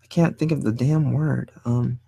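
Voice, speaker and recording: A man teaching design while he draws, thinking aloud in a casual, rambling way, often hunting for the right word and sometimes speaking low. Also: steady tone, normal speed, gravelly, husky, no echo. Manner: speaks fairly low and quiet at times. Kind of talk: casual drawing tutorial talk.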